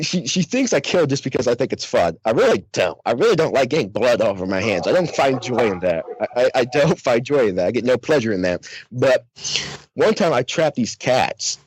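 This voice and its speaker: A man's voice: medium pitch, animated, normal speed, breathy edge, no echo, low-quality recording. A young man, author and outdoors radio host, talking emphatically and preachily in a podcast discussion.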